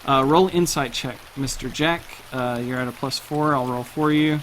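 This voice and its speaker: A man's voice: mid-range voice, moderate pace, fairly bright tone, a little hiss or hum. A man running a tabletop role-playing game as game master, casual and self-deprecating, with lots of fillers. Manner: casual, laughs at himself, many fillers.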